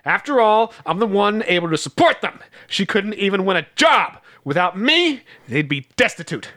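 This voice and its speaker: A man's voice: sits high, very animated, normal speed, bright, forceful tone, exaggerated voice. A man reading an arrogant ex-husband. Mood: scornful. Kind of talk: comedic script reading.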